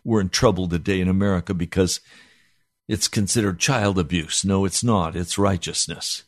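A pastor telling a personal story in an animated sermon. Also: male voice, low voice, moderate pace, no echo, clean studio sound.

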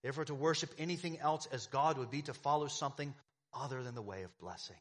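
A man's voice: mid-range voice, quick pace. A man preaching a sermon as pastor, emphatic, with repeated phrases and rhetorical questions to the congregation.

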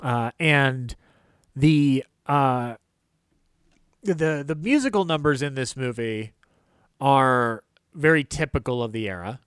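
A man co-hosting a casual film podcast, animated and quick to laugh, acting out quotes in a higher voice. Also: clear, resonant tone, no echo, clean studio sound. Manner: animated, laughs often, acts out quotes in a high voice. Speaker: podcast co-host discussing old films. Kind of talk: casual chat.

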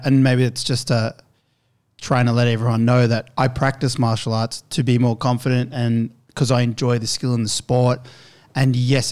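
A man's voice: medium pitch, darkish tone. A man, talking casually and thoughtfully with fillers. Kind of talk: casual conversation.

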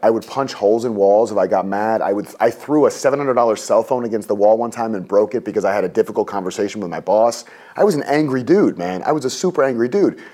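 A man in his forties, a guest on an interview show, telling a personal story in a lively way and acting out what people said. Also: fast. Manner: lively, acts out quotes with raised pitch.

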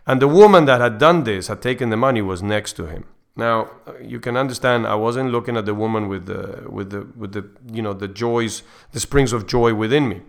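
A man's voice: mid-range voice, gravelly, a bit bright. A middle-aged man hosting a faith podcast, earnestly telling a personal story in a rambling way, with frequent restarts. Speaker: podcast host.

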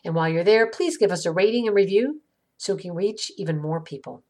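Husky lowish woman doing an earnest, gentle podcast read, slow reflective pauses. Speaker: podcast host. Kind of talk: scripted inspirational narration.

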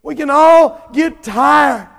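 High-voiced man preaching in a reverberant hall. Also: creaky. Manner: impassioned preaching, drawn-out emphatic lines, rising to shouts. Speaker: pastor. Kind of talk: sermon.

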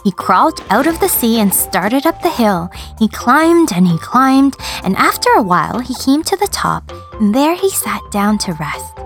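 A woman reading a children's story aloud in an expressive, sing-song storyteller manner. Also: a little high, moderate pace, soft background music.

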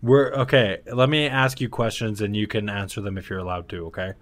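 A man's voice: fairly low pitch, fairly quick. A man hosting a casual comedy podcast, joking and laughing often with his co-hosts. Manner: lively, laughs often, jokey. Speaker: podcast host. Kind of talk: casual chat.

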